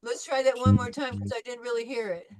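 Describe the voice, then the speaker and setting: A woman with a slightly high voice leads a language class through pronunciation drills. She sounds each syllable out slowly, says it again, and answers every attempt with patient encouragement. She turns from student to student by name. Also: crowd noise. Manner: models sounds slowly and repeats them. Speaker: French teacher.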